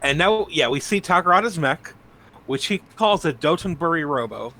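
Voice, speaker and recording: Enthusiastic man, a bit high for a guy. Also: expressive, normal speed, bright, forceful tone. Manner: enthusiastic, swears casually. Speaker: podcast co-host. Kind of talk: casual anime discussion.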